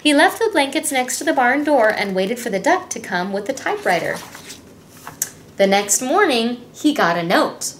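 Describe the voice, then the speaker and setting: A woman's voice: fairly high pitch, very animated, normal speed, slight background noise. A woman music teacher reading a story aloud and leading a movement lesson for young children in a bubbly, encouraging way. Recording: echoey room with faint music.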